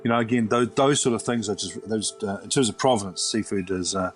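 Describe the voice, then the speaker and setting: Fast-talking New man, rambling. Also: fairly low pitch, soft background music. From New Zealand. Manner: rambling, many fillers and restarts. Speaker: chef turned fishmonger. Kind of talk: conversational interview answer.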